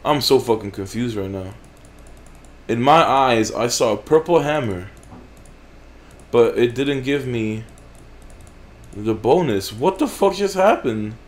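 A man's voice: medium pitch, takes it slowly, pauses often. A man hosting a gaming channel, giving casual gameplay commentary in a blunt, heavily profane way. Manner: profane, blunt, frequent swearing.

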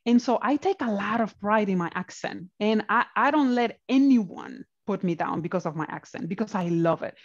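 A woman's voice: mid-range voice, lively intonation, moderate pace, few pauses, highs cut off. A woman guest speaker in a motivational panel conversation on a video call, encouraging and often checking in with "right?".

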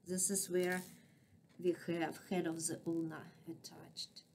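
A woman's voice: on the low side, level tone, slow, darkish tone, slight background noise. A woman with a non-native English accent teaching anatomy, patiently naming structures and checking in with frequent questions. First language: not English. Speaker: anatomy instructor. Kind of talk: classroom lecture.

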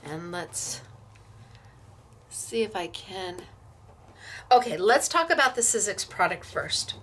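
A woman's voice: medium pitch, expressive, slow pace, fairly bright tone, a little hiss or hum. A woman hosting a craft shop demo, chatting in a bubbly, gushing way and laughing often as she shows products. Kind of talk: live product demo chat.

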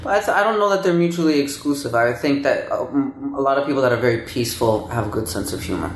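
A man's voice: medium pitch, expressive, fast talker. Laid-back joking man, roomy echo. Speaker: guest, yoga teacher. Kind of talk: casual interview chat. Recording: roomy echo, faint noise.

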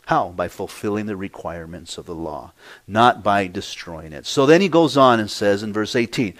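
A man's voice: mid-range voice, lively intonation, normal speed. Emphatic male pastor preaching a sermon. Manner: emphatic preaching, swinging from hushed to loud. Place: church.

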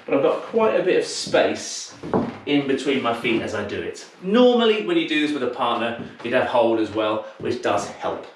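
A man's voice: mid-range voice, very animated, moderate pace. A man teaching a live online dance class, counting the steps aloud in rhythm and explaining them in a chatty way between counts, a little out of breath. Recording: echoey room, distant mic, noisy.

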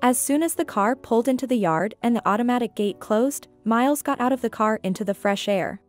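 A woman reading a scripted story aloud as narrator, steady and even. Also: on the high side, brisk. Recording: faint background music.

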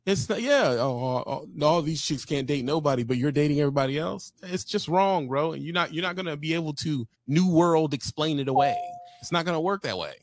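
A man's voice: a little high, brisk, few pauses, dry recording, clean studio sound. A man hosting a live talk stream, giving blunt, profane opinions in casual chat.

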